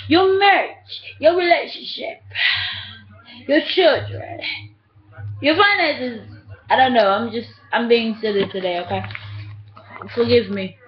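A woman's voice: a little high, a little slow, pauses often. A young woman vlogging casually to her webcam, playful and giggly, often slipping into sing-song. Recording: dull lo-fi webcam audio.

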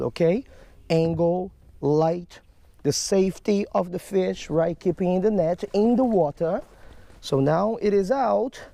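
A man vlogs his fishing trip outdoors by a lake, playful and showy. His voice is mellow and a touch gravelly, and it sits a little high for a man. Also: no echo. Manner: playful, showy and upbeat, with frequent chuckles. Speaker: fishing vlogger. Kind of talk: energetic outdoor vlog narration.

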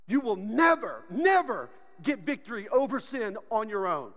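A man preaching a sermon as pastor, animated and joking, often laughing. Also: high voice, moderate pace, hardly any pauses, long reverb tail. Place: church sanctuary.

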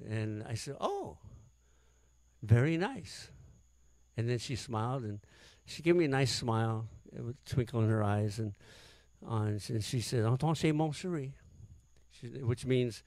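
A man's voice: on the low side, fairly even intonation, moderate pace, a little mellow, no echo. A man, a singer-songwriter, telling a story between songs in a rambling, hesitant way with many fillers.

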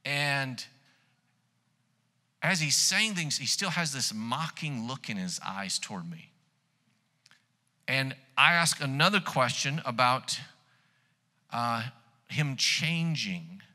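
A pastor tells stories from the pulpit with lively, building energy. His voice is very bright and cutting, set at an ordinary middle pitch for a man. The sound carries a long reverb from a church hall. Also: slow, pauses often. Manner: animated storyteller, rising loud when excited. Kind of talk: sermon storytelling.

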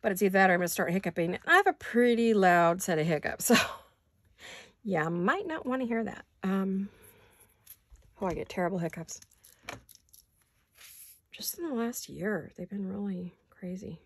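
A woman's voice: medium pitch, animated, moderate pace, pauses often, a little hiss or hum. A middle-aged woman chatting casually as she crafts, thinking aloud and laughing often. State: hiccuping. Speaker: craft vlogger. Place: home craft studio.

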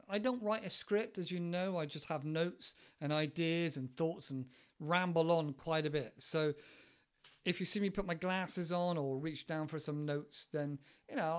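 A man hosting a casual English-learning podcast, rambling and animated, with lots of repeated words, recorded on a studio microphone. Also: on the high side. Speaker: podcast host. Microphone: studio microphone with headphones.

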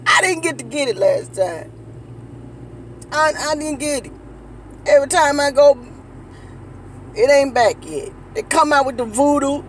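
A woman hosts a casual eating-show vlog, talking to her viewers at a slow, drawn-out pace. She is dramatic and repetitive and keeps coming back to the same phrases. Faint street noise sits behind her. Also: sits high. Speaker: mukbang host.

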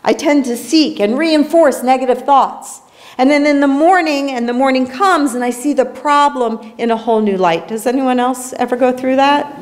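A woman's voice: high-pitched, normal speed. A woman pastor giving an earnest, reflective sermon in a small church, telling a story along the way.

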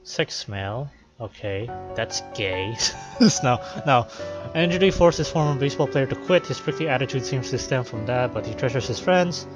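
A man's voice: mid-range voice, lively intonation, moderate pace, over music. A man casually playing a visual novel, reading its text aloud and chatting loosely with lots of fillers. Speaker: let's player.

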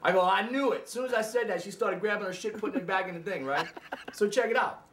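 A man, a musician, telling a story in an interview, acting out the dialogue and jumping up loudly at times. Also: sits high, fast talker, reverberant, a little hiss or hum. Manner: lively, acts out dialogue, voice jumps up loudly.

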